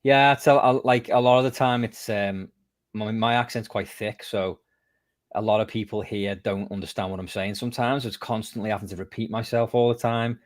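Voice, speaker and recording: A man from the UK with a British accent tells casual stories as a podcast guest, often laughing as he goes. His voice sits on the low side. The sound is dry and close. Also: normal speed, no echo. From United Kingdom. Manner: laughing storyteller, animated retelling. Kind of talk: casual chat.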